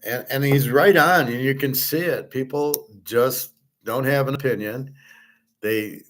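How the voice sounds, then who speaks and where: A man's voice: mid-range voice, a little slow, a bit bright. A man hosting his own show, giving a blunt, rambling commentary monologue with frequent swearing and filler words. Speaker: host.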